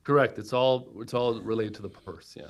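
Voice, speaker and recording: Male guest, mid-pitched, animated storyteller, frequent "right?" tags. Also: a little fast. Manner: energetic storyteller, quotes himself and wife, lots of "right?". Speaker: guest, platform co-founder. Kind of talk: podcast interview.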